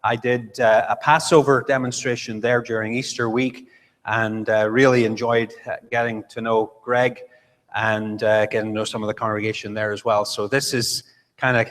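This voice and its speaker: A man's voice: on the low side, flat delivery, normal speed, a bit bright. Northern Irish man speaking in a church hall. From Northern Ireland. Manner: conversational, self-deprecating humor, frequent fillers. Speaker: visiting missionary speaker. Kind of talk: church talk. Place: church sanctuary.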